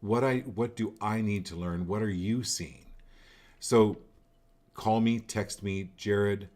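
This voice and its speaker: A man's voice: on the low side, slow pace, darkish tone. A man hosting a live card-reading show, speaking directly and coaching each viewer, often repeating phrases for emphasis.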